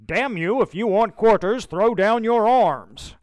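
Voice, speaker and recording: A blunt frontier colonel shouting his demands, as a male narrator acts him out. The voice is pushed up high and sounds dry. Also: measured pace, no echo. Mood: forceful. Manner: yelling.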